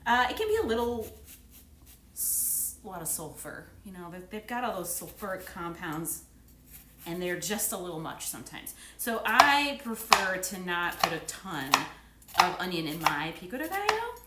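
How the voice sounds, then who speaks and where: Chatty woman with a lively voice. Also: fairly low pitch, normal speed, reverberant, very noisy. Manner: chatty, playful, self-teasing asides. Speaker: cooking vlogger. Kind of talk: casual cooking demo chat. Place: home kitchen.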